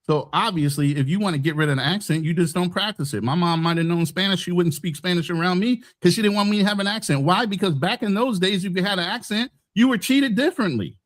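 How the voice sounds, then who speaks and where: Blunt, swearing American man, higher voice. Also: fast, few pauses. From United States. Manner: blunt, profane, talks over others. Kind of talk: heated casual debate.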